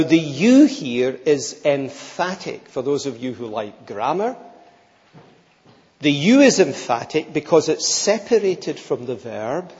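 A man's voice: medium pitch, darkish tone. A man preaching a sermon, emphatic and rhetorical, repeating key phrases for weight. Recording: long reverb, slightly dull sound.

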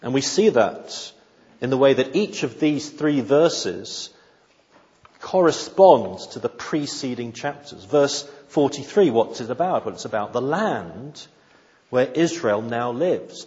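A man's voice: medium pitch, lively intonation, unhurried, darkish tone. A man preaching a sermon as pastor, emphatic and repetitive, asking the congregation questions. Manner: emphatic, repeats key phrases, rhetorical questions. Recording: dull sound with long reverb in a hall.

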